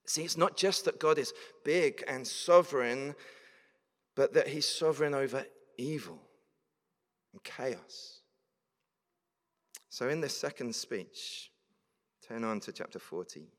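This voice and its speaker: A man's voice: mid-range voice, slow, long pauses. A man preaching a sermon, reading scripture verses aloud and then explaining them in a conversational way. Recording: long reverb of a large hall.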